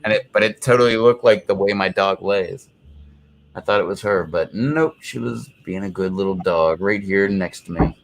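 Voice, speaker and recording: A man's voice: deep voice, normal speed, gravelly. A man chatting casually on a live stream from his home, rambling through a story with lots of fillers. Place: home, indoors.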